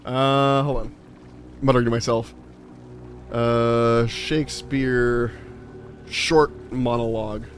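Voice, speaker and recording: A man's voice: mid-range voice, steady tone, takes it slowly, long pauses, soft background music. A young man streaming a game, chatting casually and rambling through explanations with lots of "like". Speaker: livestreamer. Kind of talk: casual chat while gaming.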